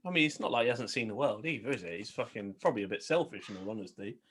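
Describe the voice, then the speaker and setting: A man's voice: on the low side, expressive, rapid-fire, a bit bright, husky. A man co-hosting a podcast, swearing and joking casually. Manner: sweary, jokey, slips into put-on accents. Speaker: podcast co-host. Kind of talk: casual banter.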